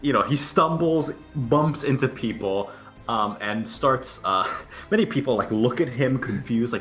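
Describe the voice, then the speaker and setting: A man's voice: mid-range voice, lively intonation, a little slow, fairly bright tone, soft background music. A man playing a tabletop game, hesitant and laughing, with many fillers. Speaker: player.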